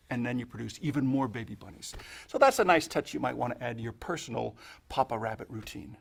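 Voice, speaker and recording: A man's voice: medium pitch, lively intonation, quick pace, creaky, slightly rough. A man demonstrating sponge-ball magic step by step, chatty and playful, adding little sound effects as he goes. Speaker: magic instructor. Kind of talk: instructional magic tutorial.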